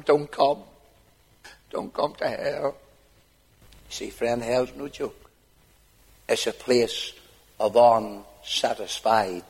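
A middle-aged man with a Northern Irish accent preaching a hellfire sermon. He swings from hushed low tones up to high, shouted pleading. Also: slightly rough. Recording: long hall reverb.

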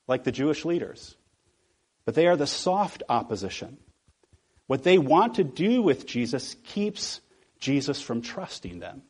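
This sermon comes from a man whose voice is somewhat high and husky. Repeated rhetorical questions drive his argument, and he eases his pace on purpose to give the important words weight.

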